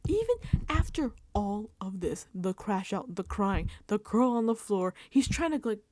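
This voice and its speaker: A woman's voice: medium pitch, big pitch swings, measured pace, dark tone, dry recording. A woman giving casual, rambling recap commentary on a reality show, exasperated and swearing freely.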